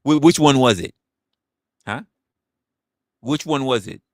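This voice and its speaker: A man's voice: medium pitch, no room sound, clean studio sound. Profane New man firing questions. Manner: rapid rhetorical questions, profane, stammering restarts. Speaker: livestream host. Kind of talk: casual livestream rant.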